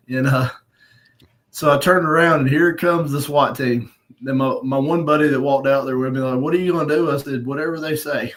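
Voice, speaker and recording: A man's voice: medium pitch, steady tone, moderate pace, a bit bright, rough recording. Profane man telling a bar story. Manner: profane, blunt, laughs at his own story. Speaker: podcast host. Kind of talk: casual storytelling on a live stream.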